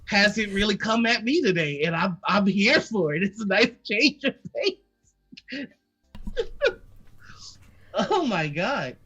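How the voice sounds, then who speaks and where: A woman's voice: medium pitch, lively intonation, slow, pauses often, a bit bright, lo-fi sound. An American woman hosting a live stream, chatting casually, laughing often and stammering. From United States. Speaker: stream host. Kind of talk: casual chat.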